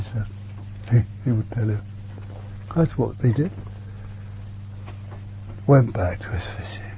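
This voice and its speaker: A man preaching a sermon in an earnest way, repeating words and sometimes dropping to a hush, on a dull lo-fi recording with a faint hum. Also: lowish voice, measured pace, long pauses.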